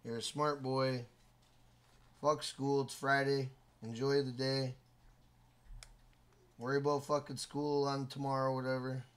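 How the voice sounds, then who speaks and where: A man live-streaming a video game, loud and casual, swearing often and scolding his son between comments to the chat. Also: medium pitch, flat delivery, measured pace, pauses often, clear, resonant tone. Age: adult with a school-age son.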